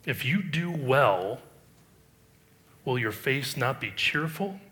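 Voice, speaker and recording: A middle-aged male pastor preaching a sermon, reading scripture aloud and commenting on it with emphatic rises and quiet asides. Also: medium pitch, animated, slow.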